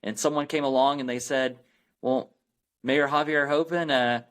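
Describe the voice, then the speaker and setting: A man's voice: mid-range voice, fairly even intonation, normal speed, a bit bright, clear, resonant tone. A man as a podcast guest, explaining earnestly and often restarting his sentences. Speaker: guest, anti-abortion campaign founder. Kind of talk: podcast interview.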